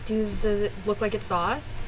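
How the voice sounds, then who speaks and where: A woman playing a tabletop game, excitable, who swears loudly when her rolls fail. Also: medium pitch, moderate pace, crowd noise, poor audio. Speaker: player. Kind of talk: casual tabletop game play.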